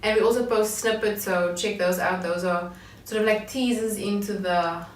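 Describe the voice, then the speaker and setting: A woman's voice: mid-range voice, fairly even intonation, moderate pace. A woman hosting a casual chat, talkative and laughing easily. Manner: laughing, chatty, self-conscious. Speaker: host. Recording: roomy distant mic with faint noise.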